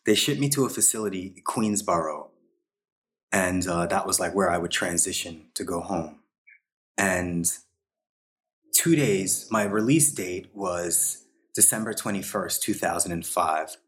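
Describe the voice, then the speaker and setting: Deep-voiced man telling a personal story. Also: a little slow, fairly bright tone. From New York. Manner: quotes others in short acted asides. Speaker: guest.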